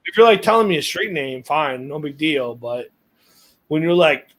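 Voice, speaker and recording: Rambling guy, slightly high voice. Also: animated, normal speed. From United States. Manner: rambling, profane, full of fillers. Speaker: podcast co-host. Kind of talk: casual storytelling chat.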